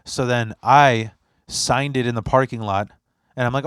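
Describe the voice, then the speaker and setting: A man's voice: mid-range voice, normal speed, smooth, dry recording, clean studio sound. A young man hosting a podcast, telling stories in casual chat, acting out quotes and swearing freely. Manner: animated storyteller, acts out quotes, swears a lot. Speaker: podcast host.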